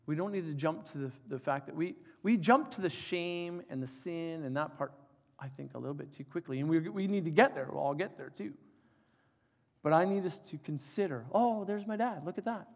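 A man in his forties preaching a sermon, telling an emotional personal story and dropping to soft, quiet tones for emphasis. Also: a little high, fairly quick, gravelly. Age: 40s. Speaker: pastor. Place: church hall. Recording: reverberant church hall.

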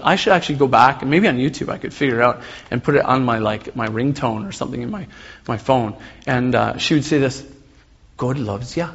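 A man's voice: medium pitch, husky, dull audio. A middle-aged man preaching a sermon in church, speaking in a conversational, rambling way with fillers and self-corrections. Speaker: pastor.

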